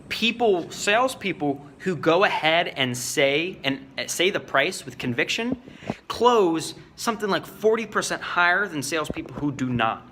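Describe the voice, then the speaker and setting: A man with a bright, slightly high voice shares sales advice in a casual vlog. He coaches his viewers directly and keeps it loose and chatty, leaning on fillers as he goes. A light hiss sits under the voice. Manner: loose and chatty, full of "you know" and "like"; coaching, talks straight to viewers. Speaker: vlogger giving sales advice.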